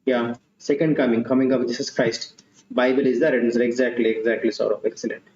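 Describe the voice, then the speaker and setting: Briskly and in a level, medium-pitched, slightly mellow voice, this English literature tutor teaches an online exam-prep class, repeating questions and options with remarks in Hindi. The sound is dull, roomy and lo-fi, with a little hiss or hum.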